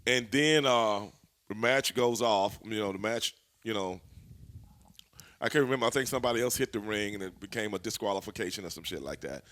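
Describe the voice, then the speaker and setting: A man, a former pro wrestler, telling backstage stories in a casual interview, animated and full of profanity. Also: fairly low pitch, a little fast. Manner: animated, profane, laughing storyteller.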